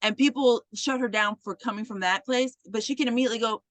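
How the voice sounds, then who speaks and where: A woman co-hosting a podcast in a casual film recap chat, telling scenes in a lively way and voicing characters. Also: a little high, quick pace, dry recording. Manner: lively storyteller, voices characters. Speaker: podcast co-host.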